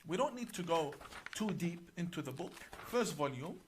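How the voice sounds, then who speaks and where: A middle-aged man, an imam, explaining a religious book to camera in a deliberate, emphatic way, slowing on key words and reciting passages in Arabic. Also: fairly high pitch, animated, background noise.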